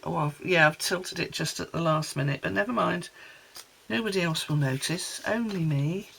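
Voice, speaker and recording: A card-making woman from Wales rambles in a chatty, homely way during a casual tutorial at her desk. Her lowish voice is creaky yet fairly bright, at a moderate pace, and the poor recording has a little hiss or hum.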